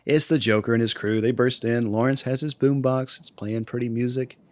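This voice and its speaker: A man's voice: medium pitch, steady tone, brisk, darkish tone, no echo. Man, podcast host, casual film recap, laughs a lot, dry close sound. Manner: laughs often, acts out quotes in passing. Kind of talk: casual movie recap chat.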